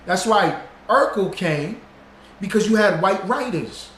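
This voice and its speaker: With a high, expressive, somewhat bright voice and a measured pace, a man hosts a livestream, calling out viewers by name as he reads their comments. His relaxed, repetitive teaching style reinforces each point, and the sound is echoey with faint noise behind.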